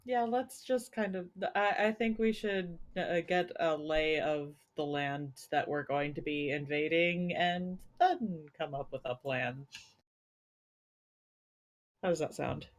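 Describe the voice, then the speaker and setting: A woman's voice: sits low, fairly even intonation, slow pace. A woman player in a tabletop game, hesitant and wry in casual talk.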